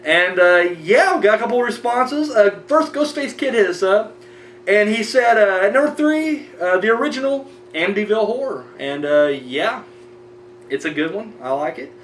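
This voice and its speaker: A man's voice: sits high, lively intonation, moderate pace, fairly bright tone. A man hosting a horror movie review show, chatting and ranting casually with rambling, profane talk. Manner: rambling, profane, frequent restarts. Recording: roomy distant mic with faint hum.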